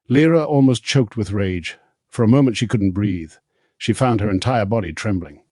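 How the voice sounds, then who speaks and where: A man reading a novel as an audiobook narrator, in a measured, steady husky voice. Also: on the low side, no echo, clean studio sound. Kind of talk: scripted narration.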